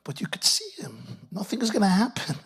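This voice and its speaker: Husky-voiced rabbi telling a story. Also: male voice, sits high, a little fast. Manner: animated storytelling with Yiddish and Hebrew phrases. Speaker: rabbi speaking at a Shabbaton. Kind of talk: storytelling talk to an audience.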